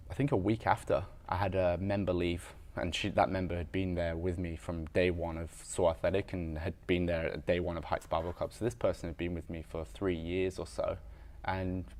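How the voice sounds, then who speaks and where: Very deep-voiced man, candid. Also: flat delivery, moderate pace, a little mellow. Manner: frank and reflective, casual with frequent fillers and swearing. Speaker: podcast guest, weightlifter and strength coach. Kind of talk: candid conversational storytelling.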